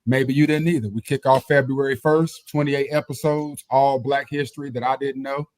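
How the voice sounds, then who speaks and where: A man guesting on a podcast, telling lively stories, swearing casually and acting out quotes loudly. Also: mid-range voice, moderate pace, dry recording. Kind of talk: casual storytelling chat.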